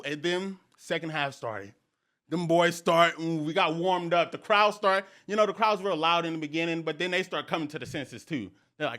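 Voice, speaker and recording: A young man hosting a sports podcast, talking in an excited, slangy way and repeating phrases for emphasis. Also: high-pitched, moderate pace. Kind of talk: excited casual sports talk.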